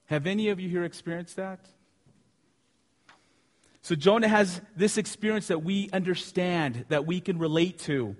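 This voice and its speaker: A man preaching a sermon with animated storytelling, asking his listeners questions. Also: sits high. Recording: long hall reverb.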